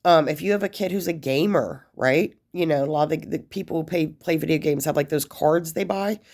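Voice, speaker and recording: A woman's voice: deep voice, a little fast, darkish tone. A woman vlogger giving casual advice to camera, rambling with many fillers and restarts, and emotional enough to be near tears at times. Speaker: vlogger sharing life after prison.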